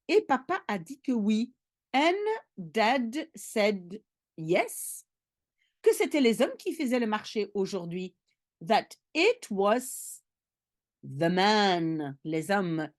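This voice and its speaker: Slow, lively-voiced woman teaching French. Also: a little high. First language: Dutch. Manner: explains slowly, reading French lines then translating. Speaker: language teacher. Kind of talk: bilingual language lesson.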